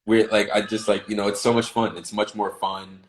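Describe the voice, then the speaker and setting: Laid-back young man, low voice. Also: flat delivery, poor audio. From Southern United States. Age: young adult. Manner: laid-back, laughs often, drawls words slowly at times. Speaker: actor guest. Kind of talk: casual livestream chat.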